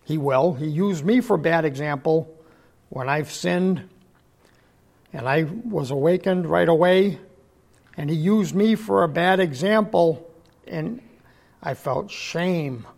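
An older man preaches a sermon in a high, gravelly voice worn hoarse and husky. He keeps clearing his throat, pushing some phrases out loudly and dropping others to a low mutter. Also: slow pace, pauses often. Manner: frequent throat clearing, swings between loud emphasis and low murmurs. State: voice failing, hoarse.

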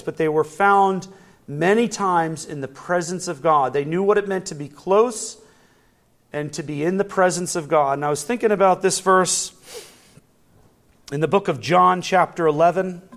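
A man preaching a communion sermon, reading scripture slowly and building to fervent emphasis. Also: high-pitched. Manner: deliberate, measured delivery with long pauses.

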